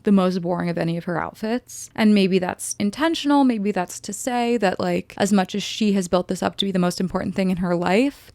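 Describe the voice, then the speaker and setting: A woman's voice: mid-range voice, creaky, darkish tone, no room sound. A young adult woman hosting a podcast, recapping and reviewing a film in a casual, chatty way with sarcastic asides. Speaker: podcast host.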